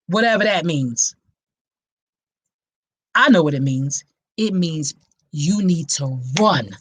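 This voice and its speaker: A woman's voice: fairly low pitch, no echo. Woman podcast host, emphatic and preachy, talking straight to her audience, dry close sound. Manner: preachy and emphatic, addresses listeners directly. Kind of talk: impassioned awareness talk.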